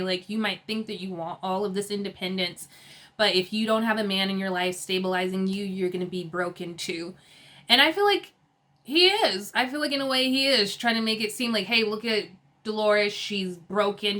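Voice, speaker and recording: A woman recapping a reality TV episode in a chatty, casual way, laughing often and quoting the cast in quick asides. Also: medium pitch, pushed and bright.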